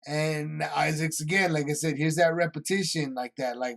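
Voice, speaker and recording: A man's voice: fairly high pitch, steady tone, normal speed, gravelly, fairly bright tone. A man teaching a casual Bible study, rambling, restarting his sentences and acting out the scenes.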